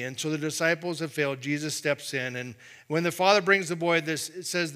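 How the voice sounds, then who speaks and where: A man preaching a sermon in a conversational way, dropping to a quiet, firm voice to make his points. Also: fairly high pitch, moderate pace, clear, resonant tone. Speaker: pastor.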